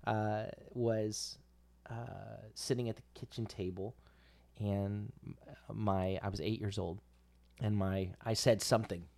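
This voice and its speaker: A man with a fairly low voice tells a childhood story on a podcast. He rambles and stops to correct himself, and he laughs as he tells it. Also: fairly even intonation, takes it slowly, gravelly, darkish tone. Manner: rambling, self-correcting, laughs while telling. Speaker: podcast co-host. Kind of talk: casual storytelling chat.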